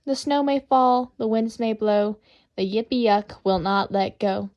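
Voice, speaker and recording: A woman reading children's poems aloud in a playful, expressive, sing-song way. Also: mid-range voice, a little slow, dull audio.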